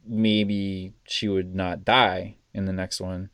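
A man's voice: sits low, flat delivery, takes it slowly, a bit bright, clean tone, no room sound, studio quality. A man hosting a casual podcast chat, telling stories animatedly, acting out quotes, laughing often and swearing. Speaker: podcast host.

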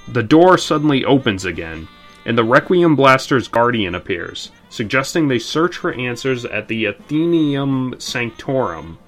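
A man's voice: mid-range voice, fairly bright tone. Rambling, profane male podcast host. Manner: rambling, profane, lots of fillers. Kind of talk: synopsis reading and casual chat.

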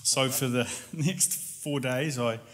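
A man telling a personal story in a casual, animated way, laughing often and acting out voices. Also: medium pitch, slow.

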